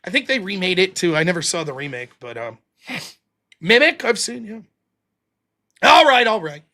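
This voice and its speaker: Hosting a live stream, a man with a Pittsburgh accent rambles casually and swears, sounding lively. His voice sits high and he keeps a measured pace.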